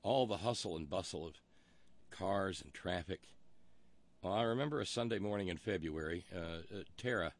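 A man's voice: low-pitched, moderate pace, no room sound. A man hosting a talk show, delivering a wry, rambling monologue full of historical asides. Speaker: radio talk show host.

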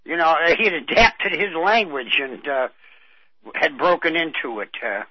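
Older man, radio co-host, rambling reminiscing, slightly high voice, dull dry sound. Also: sing-song, moderate pace, no echo. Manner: rambling, reminiscing with many fillers. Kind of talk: casual radio chat.

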